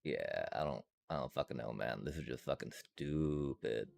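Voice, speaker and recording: A man's voice: a bass voice, moderate pace, gravelly, a little mellow, slight background noise. A man streaming a card game, ranting and swearing in casual commentary. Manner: frustrated, swears constantly, rants.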